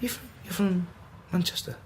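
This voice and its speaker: A man's voice: high-pitched, moderate pace, pitched above the performer's own voice, natural voice. A man with a northern English accent, putting on the voice of an encouraging female drama teacher. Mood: incredulous, encouraging.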